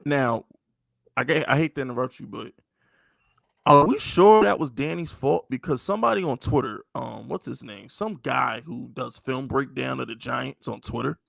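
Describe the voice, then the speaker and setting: A man's voice: medium pitch, lively intonation, normal speed, creaky, fairly bright tone, no echo. A man co-hosting a sports podcast in casual chat, blunt, profane and opinionated. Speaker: podcast co-host.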